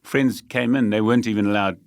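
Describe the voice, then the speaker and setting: Gravelly South African man, low voice. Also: fairly even intonation, fairly quick, no echo, studio quality. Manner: determined, emphatic, laughs lightly while telling hard news. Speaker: guest. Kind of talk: conversational storytelling.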